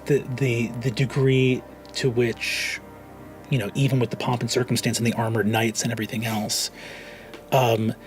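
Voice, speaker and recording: A man's voice: mid-range voice, flat delivery, normal speed, soft background music. A man narrating as game master in a tabletop game, rambling with many fillers and restarts.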